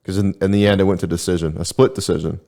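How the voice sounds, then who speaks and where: Young man, very low voice, laid-back deadpan podcast co-host. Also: fast talker. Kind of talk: casual chat.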